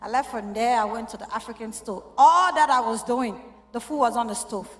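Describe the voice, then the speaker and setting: A woman's voice: on the high side, brisk. A middle-aged woman telling an emotional story as a church testimony, quoting the people in it. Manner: emotional, storytelling with quoted dialogue. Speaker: church member giving testimony. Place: church hall. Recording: echoey church hall with faint music.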